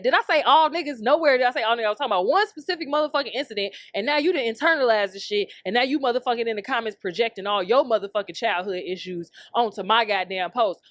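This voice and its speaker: With a voice on the high side, this young woman podcast host delivers a brash, heated comedy rant stuffed with profanity and punctuated by frequent laughter. The audio is studio quality with no room sound.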